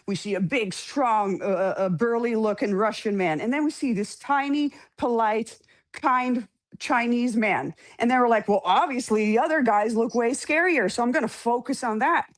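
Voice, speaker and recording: A woman on a live online debate panel. Her voice sits a bit high, and she explains her point earnestly and at length. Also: moderate pace.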